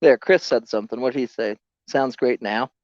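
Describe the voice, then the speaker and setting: A man's voice: medium pitch, brisk, dry recording. A man in the middle of his range, musing aloud in loose, rambling banter. The sound is dry and close, with a dull, lo-fi stream quality. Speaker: comedy podcast co-host. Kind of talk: casual banter.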